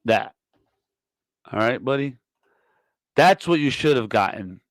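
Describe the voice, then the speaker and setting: A man hosting a comedy podcast, delivering a profane, mock-scolding tirade that swings from loud to muttered. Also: medium pitch, animated, slow pace, dry recording. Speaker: podcast host. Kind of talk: comedic rant.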